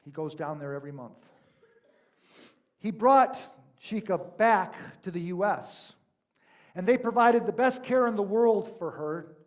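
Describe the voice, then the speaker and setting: A male pastor giving a sermon in a conversational, storytelling manner with emphatic peaks. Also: high-pitched.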